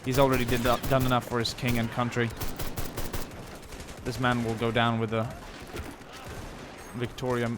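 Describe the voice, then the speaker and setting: Completely flat in delivery, this young Swedish man speaks in a mid-range voice at a moderate pace, leaving long pauses. His joking, rambling war-game commentary sits over loud background gunfire and artillery.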